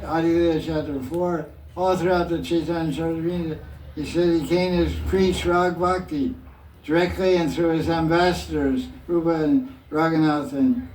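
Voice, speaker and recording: An older man with a slightly high voice leads a devotional question-and-answer session. He talks casually and chuckles at his own playful asides. He is recorded from a distance in a reverberant room with faint noise behind him. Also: a little mellow. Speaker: spiritual teacher. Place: hall with devotees. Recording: echoey room from far off.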